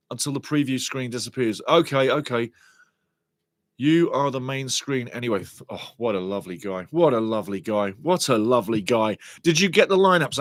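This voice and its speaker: A man's voice: mid-range voice, no room sound. Guy doing a football watch-along, chatty, reads out the chat, dry close sound. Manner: chatty, reads viewer comments aloud, coughs and laughs. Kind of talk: live stream chat and match talk.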